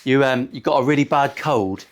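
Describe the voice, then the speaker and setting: A luthier in his forties talks casually while working on a guitar in his workshop, drifting into crude jokes with frequent swearing. His voice is medium in pitch, at a normal speed.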